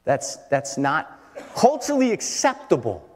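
A middle-aged man preaching a sermon, dropping to quiet storytelling and then rising to loud, shouted declarations. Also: medium pitch, animated, normal speed. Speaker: pastor. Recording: long hall reverb.

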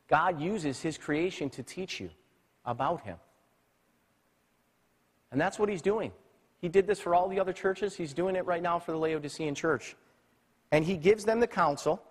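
A man preaching a sermon in a church sanctuary, his voice sitting a little high for a man. He drops into soft, low stretches, then climbs into loud, emphatic preaching. A long hall reverb trails his words. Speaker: pastor.

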